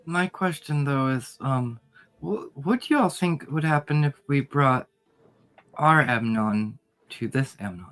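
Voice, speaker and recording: A man taking part in a tabletop role-play, casual and reasoning out loud. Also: mid-range voice, expressive, a little slow. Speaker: player.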